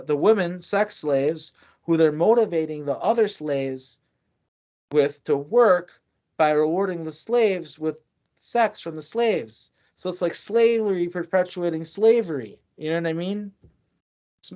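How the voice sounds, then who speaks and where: Interview guest: a man with a fairly high voice, telling his story loosely on dull, muffled audio. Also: unhurried, warm tone. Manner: loose, rambling, frequent restarts. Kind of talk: casual first-person storytelling.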